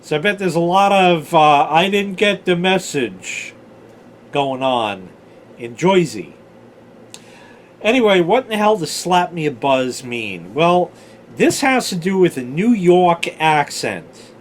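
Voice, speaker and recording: A man's voice: on the high side, very animated, takes it slowly, a little hiss or hum. A man in his forties telling old stories in a casual, rambling way, swearing freely and drifting off on side tangents. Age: 40s. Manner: chatty, swears freely, digresses. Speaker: storyteller host.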